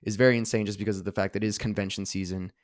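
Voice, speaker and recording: Rambling podcast co-host man, fairly low voice. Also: steady tone, racing, no echo, studio quality. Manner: rambling, lots of filler words and restarts. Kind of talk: casual podcast chat. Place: studio seated across from co-host.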